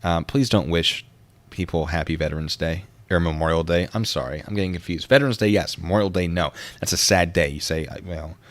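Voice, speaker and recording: A man with a fairly low voice talks casually to his livestream audience. He rambles, catches himself mid-sentence and drifts off to read comments aloud, then picks the thread back up. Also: fairly quick. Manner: rambling, easily distracted, reads chat aloud.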